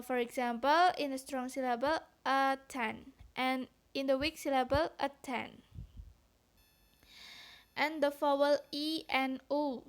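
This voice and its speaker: A woman with a high voice presents a phonetics lesson. She reads at a slow, unhurried pace and sounds out each example syllable with care. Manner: careful, deliberate explanation with sounded-out examples. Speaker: student presenter. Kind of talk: read-aloud phonetics lesson.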